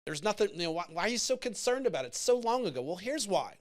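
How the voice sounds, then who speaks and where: A man's voice: sits high, big pitch swings, quick pace. Passionate, swearing man in commentary. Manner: passionate, profane, emotional. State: choked up. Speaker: podcast host. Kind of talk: casual commentary.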